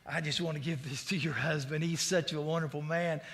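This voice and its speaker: A male pastor voicing a flattering widowed neighbor woman who gushes softly with gratitude during a sermon. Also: sits low, a little fast, pitched below the performer's own voice, natural voice. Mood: gushing. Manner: gushing, soft and grateful.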